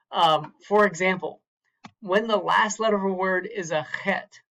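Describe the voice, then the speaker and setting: Syllable by syllable, a Hebrew teacher pronounces words carefully and repeats them while lecturing from slides in a recording. He has a fairly bright voice on the high side, and the top end of the audio is cut off.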